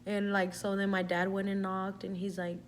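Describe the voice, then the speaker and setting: A young woman vlogger tells stories casually in an everyday mid-range voice, medium in pitch, monotone, at a normal speed. She's chatty, salty and rambling, swearing freely and filling gaps with "like," over a light background hum.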